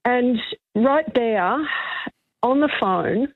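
An older Australian woman, a magazine journalist, calls in to talk radio over a dry, tinny telephone line with no echo. Her voice is fairly high and thin with lively intonation. Emotional and chatty, she tells her story haltingly, stopping and restarting many times.

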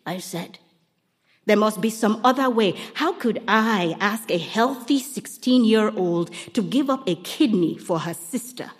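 A woman reading a novel aloud in a measured, dramatic storytelling manner. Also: lowish voice, big-room sound. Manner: measured, dramatic storytelling, voicing characters lightly. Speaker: narrator. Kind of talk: scripted audiobook narration.

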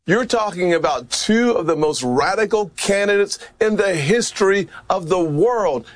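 A man giving a forceful, emphatic political campaign-style speech. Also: sits high, expressive, a little slow, no echo.

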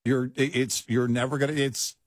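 A middle-aged man co-hosting a talk show, chatty and animated in casual political conversation. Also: mid-range voice, normal speed, dry recording, studio quality. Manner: animated, chatty, laughs easily. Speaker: talk radio co-host.

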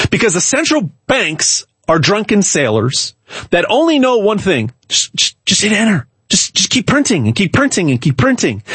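A man giving an emphatic, hard-selling pitch straight to the viewer, repeating words and restarting often. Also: fairly bright tone, husky, no echo. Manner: emphatic, repetitive, stumbles and restarts. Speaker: gold sales pitchman. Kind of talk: direct-to-camera sales pitch.

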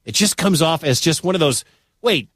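A man from the American Midwest hosting a sports talk radio show, talking in an animated, incredulous, conversational way. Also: on the high side, fairly quick, no room sound, clean studio sound.

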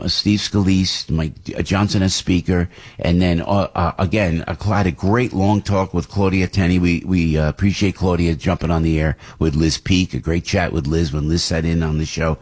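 Husky, excitable New radio host. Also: male voice, sits low. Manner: excitable, rambling, repeats words. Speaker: radio talk show host. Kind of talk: casual on-air storytelling.

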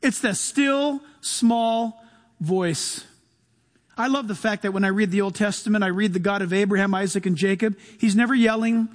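Pastor, male, high tenor, lively sermon delivery with loud and hushed turns, long hall reverb. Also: normal speed. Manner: animated, shifts between loud bursts and soft hushed asides.

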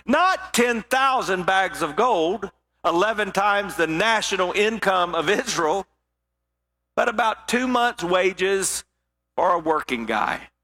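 A man preaching a sermon, telling a parable with drama and dropping to a hush for serious points. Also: high-pitched, lively intonation, takes it slowly. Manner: dramatic storytelling, drops to a hushed voice for weight.

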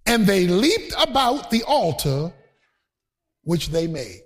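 A man preaching a sermon in a very high, lively voice that swoops up and down as he chants and shouts his points. He takes his time and drawls the words out slowly, then drops into casual joking asides to the congregation. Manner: emphatic, shouting and chanting in a sing-song cadence.

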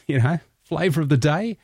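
A man's voice: on the high side, a little mellow, slightly rough, dry recording. A man talks on the radio in a chatty, joking way, often laughing at his own quips. His voice sits in a middle range and sounds dry and close to the microphone. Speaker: radio host. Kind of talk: casual radio chat.

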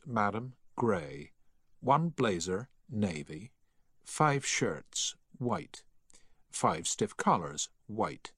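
A man's voice: lowish voice, a bit bright, husky, dry recording, clean studio sound, voice pushed up, full character voice. A man voicing a snobbish male tailor's shop assistant who lists items fussily and formally.

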